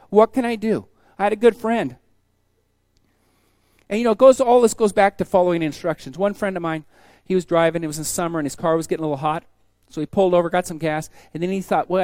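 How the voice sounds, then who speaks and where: A man preaching a casual sermon, telling folksy stories and acting out the people in them with sudden loud bursts. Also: sits high, no echo. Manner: storytelling, acts out quoted voices with sudden loud bursts; folksy, conversational.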